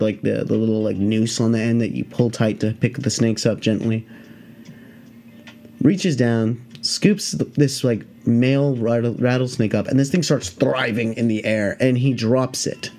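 A man's voice: mid-range voice, normal speed, warm tone. Profane, rambling male storyteller. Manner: profane, rambling, filler-heavy. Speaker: podcast host. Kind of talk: casual storytelling.

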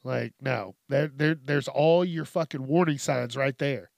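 A man's voice: mid-range voice, unhurried, gravelly, a little mellow, no echo. A man hosting a comedic news commentary, ranting with lots of swearing and frequent laughter. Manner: profane, ranting, laughs often. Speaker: host.

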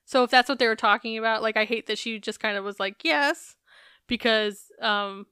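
A podcast co-host goes over a reality show in relaxed, chatty talk with some cursing and laughter. Her slightly high, bright voice stays fairly level in pitch, moves a little fast and sounds forceful, clear and resonant. There's no room sound, just clean studio audio.

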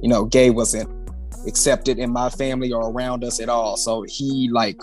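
A man's voice: mid-range voice, little pitch movement, normal speed, darkish tone, faint music behind. A man from St. Louis, Missouri, a drag performer chatting as a guest from a busy home, easygoing and laughing often. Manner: easygoing, laughs often, many fillers and restarts. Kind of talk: casual interview chat.

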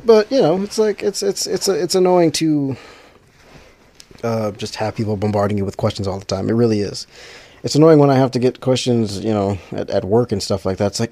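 Creaky dark-voiced man chatting, rambling. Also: medium pitch, brisk, dry recording. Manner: rambling, many restarts and fillers. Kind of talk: casual chat to viewers.

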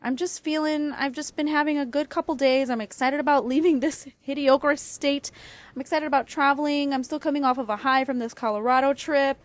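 A woman's voice: sits high, fairly even intonation, a little fast, no room sound. Rambling young woman chatting at home. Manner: rambling and chatty, many fillers and restarts. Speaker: podcast host. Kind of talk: casual solo podcast chat. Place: at home, washer running nearby. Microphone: small clip-on mini microphone.

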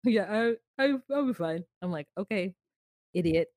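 A woman's voice: mid-range voice, moderate pace, no echo, studio quality. A woman co-hosting a podcast, chatting casually and acting out what others said in put-on voices. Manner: animated, acts out quotes in put-on voices. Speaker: podcast co-host. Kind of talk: casual chat recapping a reality show.

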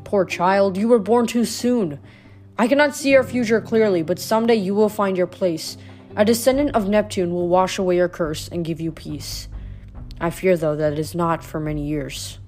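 A brooding, melancholy male god of the dead with a lowered, heavy voice, as a woman reader puts him on. He speaks slowly and sorrowfully, with a sigh in his tone. Faint music plays behind the storybook reading. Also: a little mellow, lightly acted. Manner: slow, sorrowful, sighing.

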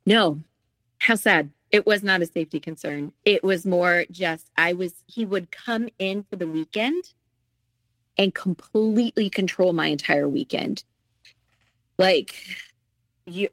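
A woman's voice: lowish voice, unhurried, long pauses, a bit bright, dry recording. A middle-aged woman, a guest, candidly telling her own painful story, acting out the lines she quotes. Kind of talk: emotional personal storytelling.

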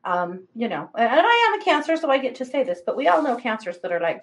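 Woman, fairly high voice, chatty and animated, livestream astrology reading. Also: fast talker, hardly any pauses, rough recording. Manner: chatty, animated, laughs often. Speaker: psychic reader, co-host.

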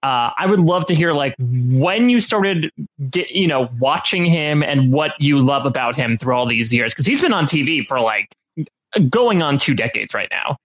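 A man hosting a casual podcast, introducing the episode in a playful, quick way. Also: medium pitch, lively intonation, a bit bright, poor audio. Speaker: podcast host.

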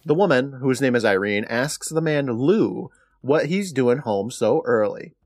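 A man co-hosting a podcast, recapping an episode in an animated, casual way with quick laughs. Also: medium pitch, no room sound, clean studio sound. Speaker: podcast co-host.

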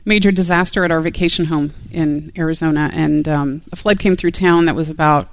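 A middle-aged woman telling a radio host her family's story in a soft, hesitant way, full of ums and you-knows. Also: low-pitched, steady tone, fairly quick, no room sound. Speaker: caller sharing debt-free story. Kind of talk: casual conversation on air.

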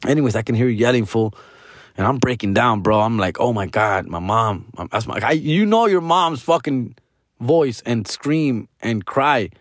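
A man's voice: mid-range voice, lively intonation, moderate pace, no room sound, clean studio sound. A young man, a podcast host telling a comedic story in a profane, rambling way, dropping Spanish slang.

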